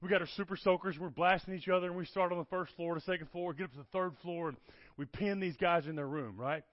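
A man's voice: high voice, fast talker, dry recording. A man, telling stories in a sermon and often asking "okay? all right?". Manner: animated, keeps checking in with "okay? all right?". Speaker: guest preacher. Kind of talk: storytelling sermon. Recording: dull lo-fi sound, dry.

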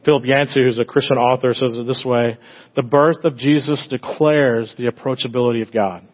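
A middle-aged man preaches in an easy, conversational way, like he's telling stories to friends. His voice sits at a middle pitch, jumping to loud, bright bursts and falling back to soft, tender lines. The recording sounds a little dull. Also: steady tone, brisk. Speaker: pastor. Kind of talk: sermon.

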